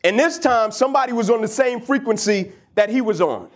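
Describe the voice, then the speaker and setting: A man's voice: very high-pitched, expressive, a little fast. A man giving a motivational talk, retelling a story in casual slang with rhetorical questions. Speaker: motivational speaker.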